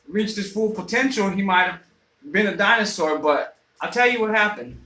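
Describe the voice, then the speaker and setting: Man, high voice, casual rambling storyteller, swears a lot, radio host, echoey room. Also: expressive, moderate pace, pushed and bright. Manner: rambling, profane, frequent fillers and restarts. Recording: roomy echo.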